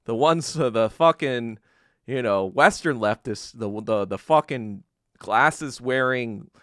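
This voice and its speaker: A man's voice: medium pitch, a bit bright, no echo, clean studio sound. A man hosting a podcast, ranting casually with lots of swearing and laughing between phrases. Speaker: podcast host. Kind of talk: casual solo rant.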